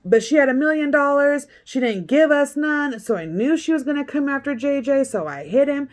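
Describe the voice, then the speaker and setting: A woman's voice: fairly high pitch, expressive, moderate pace, darkish tone, close to an everyday voice. A woman quoting an angry woman who accuses her sister-in-law, in a raised voice.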